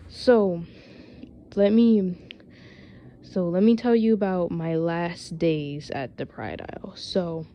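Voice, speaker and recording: A woman's voice: lowish voice, fairly even intonation, takes it slowly, lo-fi sound, a little hiss or hum. A woman telling a casual storytime vlog, rambling and exasperated, full of fillers. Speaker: vlogger.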